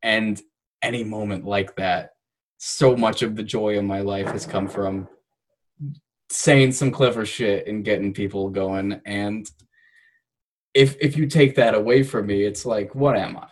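A young man, a podcast guest, telling personal stories in casual chat, reflective and earnest, with bursts of animated laughter. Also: fairly low pitch, a little slow, low-quality recording.

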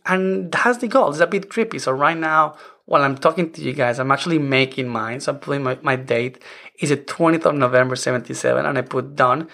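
Earnest man in his forties, higher voice. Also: moderate pace, bright, forceful tone. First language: not English. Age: 40s. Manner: earnest, rambling with many "I mean" restarts. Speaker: podcast host. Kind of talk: casual self-help podcast monologue.

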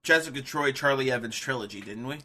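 A young man co-hosting a casual podcast, animated, laughing easily and often restarting his sentences. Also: mid-range voice, quick pace. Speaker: podcast co-host.

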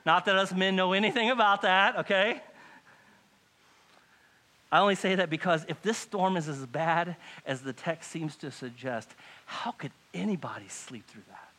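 A male pastor preaching a sermon to a congregation in a church, dropping to hushed lines and rising to loud pleading. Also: fairly high pitch, moderate pace.

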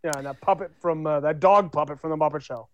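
A man in casual banter, dropping dry, deadpan jokes into a friend's story. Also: fairly high pitch, fast, highs cut off. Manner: deadpan, drily interjecting jokes.

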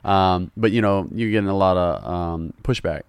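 Here a Southern US man, guesting on a podcast, keeps things casual and unhurried, tossing "bro" at people as he talks. His voice sits low at a moderate pace, with a clear, resonant tone and no echo.

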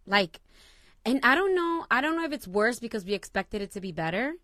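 A young adult woman co-hosting a casual chat, telling stories in an animated way and swearing freely. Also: fairly high pitch, a little fast, no echo. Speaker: co-host.

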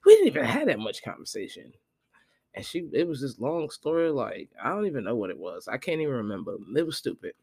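A podcast host telling a profane, animated story in a casual monologue, quoting the people in it. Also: male voice, mid-range voice, fairly quick, husky. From Florida.

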